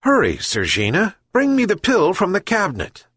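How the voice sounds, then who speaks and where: A man's voice: high voice, wildly swooping pitch, moderate pace, a bit bright, slightly rough, no echo, voice pushed up, heavily acted. A man voicing a kind old fisherman who calls out to his pets and pleads with them. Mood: calling. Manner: calling out, pleading.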